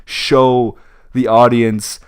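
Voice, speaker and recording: A man's voice: medium pitch, flat delivery, extremely slow, clear, resonant tone. A young man co-hosting a podcast, chatting casually and venting his frustrations, full of fillers like "like" and "um". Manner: frustrated ranting with frequent fillers. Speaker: podcast co-host. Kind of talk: casual wrestling chat.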